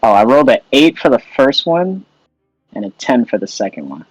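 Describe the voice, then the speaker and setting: An easygoing man talks through his character's turn in a tabletop game, relaxed and conversational. His voice sits in a middle register, dry and close, with soft music behind. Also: medium pitch, a little fast, no echo, rough recording. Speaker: player.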